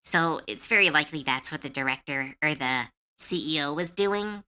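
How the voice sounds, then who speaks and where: A woman streaming live, chatting casually, animated and opinionated, with lots of filler words and swearing. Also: low voice, normal speed. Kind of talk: casual livestream chat.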